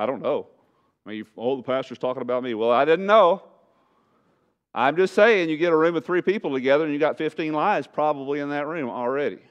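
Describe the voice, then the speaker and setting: Male pastor, sermon, swings from quiet to loud, smooth voice, dull lo-fi church recording. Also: a little high. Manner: animated preaching, rising loud and slowing for emphasis. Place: church sanctuary.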